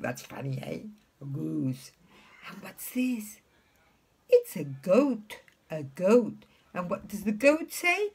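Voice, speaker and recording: A woman teaching English to young children in a slow, sing-song way, talking to a puppet pupil. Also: medium pitch, wildly swooping pitch, darkish tone, husky.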